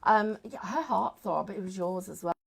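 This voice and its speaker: Chatty woman, gravelly voice. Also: mid-range voice, lively intonation, moderate pace, slight background noise. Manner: chatty, rambling, giggly. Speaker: craft show host. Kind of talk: live crafting demonstration chat.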